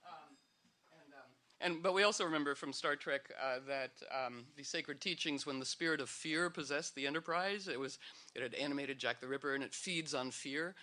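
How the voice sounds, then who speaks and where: Bright-voiced man giving a rambling, playful talk. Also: on the high side, normal speed. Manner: meandering with frequent fillers and restarts, playful. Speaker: speaker at a live gathering. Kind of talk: rambling, humorous talk to an audience.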